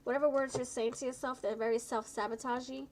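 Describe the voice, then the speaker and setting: Tired lady doing a live tarot stream, kinda high voice, chatty and encouraging, trips over words, faint hiss behind. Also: fairly even intonation, fast, low-quality recording. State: tired, low energy. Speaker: tarot reader.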